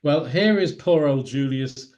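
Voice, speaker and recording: Slow-talking man giving a wry slide talk. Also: on the high side, animated, dull audio, crowd noise. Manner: unhurried, opinionated, wry. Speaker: speaker giving an illustrated talk. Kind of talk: lecture with slides.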